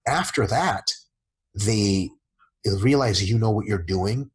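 A man coaching in a casual podcast Q&A, talking in a profane, animated way and acting out his clients in quick voices. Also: on the low side, breathy edge, rough recording. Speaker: fitness coach answering listener questions.

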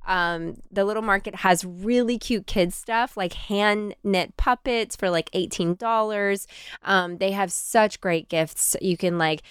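A woman co-hosting a podcast, gushing with enthusiasm over gift picks and filling pauses with frequent ums. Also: mid-range voice, smooth, no room sound, studio quality. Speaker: podcast co-host. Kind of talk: casual chat recommending gifts.

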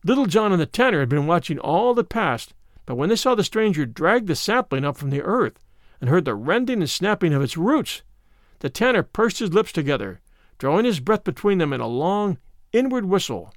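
A man reads a classic adventure story aloud in a measured, expressive way. His voice is fairly high and lively in pitch. The sound is dry and close to the microphone. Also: dry recording. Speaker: narrator. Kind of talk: audiobook narration.

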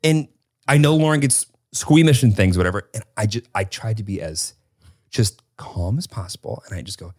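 A man's voice: on the low side, moderate pace. A man in his late twenties hosting a casual podcast chat, telling stories with acted-out quotes and casual swearing. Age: late 20s. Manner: animated storyteller, swears casually, acts out quotes. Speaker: podcast host.

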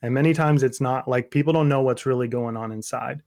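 A man sharing his personal story in an interview, earnest and intense, dropping to a soft low voice and then building to emphatic outbursts. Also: fairly quick. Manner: intense, voice drops low and soft in tender moments.

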